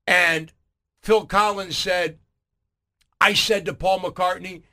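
A man hosting a morning radio show, retelling stories in a chatty, animated way. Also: high-pitched, takes it slowly. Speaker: radio host.

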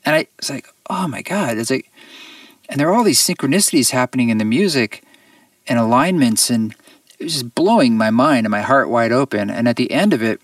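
A man, a musician guest on an interview show, tells a personal story in an earnest, reflective way with halting restarts. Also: mid-range voice, no room sound, far from the mic.

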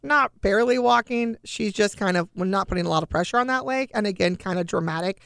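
A middle-aged woman casually telling a personal family story, animated and full of conversational fillers. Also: mid-range voice, fast talker, gravelly, no echo, clean studio sound. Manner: animated, acts out quoted dialogue.

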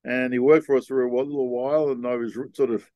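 An older man, talking in an easygoing, rambling manner. His voice sits at a middle pitch and sounds close and dry, with no room around it. He tells his stories loosely, full of asides and restarts. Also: level tone, fast talker, dark tone, dry recording, dull audio. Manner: laid-back rambling storyteller. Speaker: guest. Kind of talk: casual storytelling interview.

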